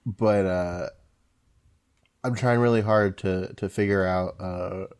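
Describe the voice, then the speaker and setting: A man's voice: low-pitched, steady tone, takes it slowly, darkish tone, clear, resonant tone. A man co-hosting a podcast in casual chat, rambling through his points, laughing often and swearing. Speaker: podcast co-host.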